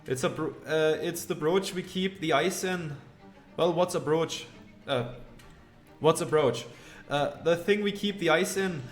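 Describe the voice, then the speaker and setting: A man's voice: fairly high pitch, a little slow, faint music behind, close to an everyday voice. A man voicing a grumpy, exasperated male farmer in a put-on Scottish accent, talking in a blustering way full of broad dialect words. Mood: impatient.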